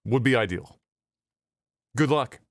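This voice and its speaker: A man's voice: mid-range voice, animated, takes it slowly, no echo, clean studio sound. A man hosting a podcast, telling profane comic stories in casual chat. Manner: profane, storytelling. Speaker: podcast host.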